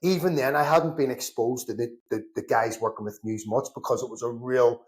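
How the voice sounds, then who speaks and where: A man's voice: mid-range voice, brisk. Middle-aged Belfast man, podcast guest, casual storyteller who voices both sides of the dialogue and swears freely. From Northern Ireland. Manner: animated anecdotes, acts out both sides of conversations, swears casually. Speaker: podcast guest, security consultant.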